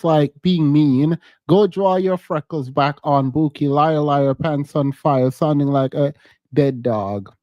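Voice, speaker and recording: A man's voice: high voice, a little mellow, no room sound. A man giving casual, chatty commentary on celebrity drama, laughing often as he talks. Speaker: pop culture commentator.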